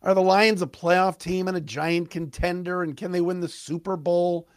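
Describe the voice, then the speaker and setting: Man, sports podcast host, excited rant, cracking voice, dry close sound. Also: high-pitched, no room sound. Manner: fired-up, rapid, stumbling restarts.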